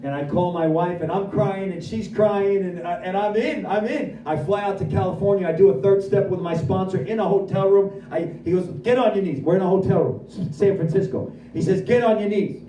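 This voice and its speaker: Mellow-voiced man telling his recovery story. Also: sits high, a little fast, few pauses, slight background noise. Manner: animated storyteller who acts out his own dialogue. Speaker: guest speaker at a recovery meeting. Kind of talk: personal recovery testimony. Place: meeting room at a recovery center. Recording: echoey room, voice from far off.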